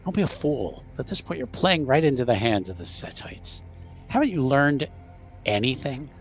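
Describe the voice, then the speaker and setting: A man's voice: fairly low pitch, big pitch swings, moderate pace, soft background music. A man voicing a humorless, scornful male vampire who scolds others in a tabletop game. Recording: dull lo-fi recording.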